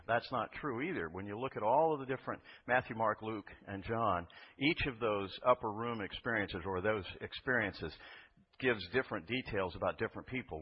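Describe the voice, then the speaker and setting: A man delivers a sermon in a church, talking it through and putting rhetorical questions to his listeners. His voice sits a touch low and sounds breathy. The recording is dull and carries the long reverb of a large hall. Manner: conversational, asks rhetorical questions. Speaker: preacher.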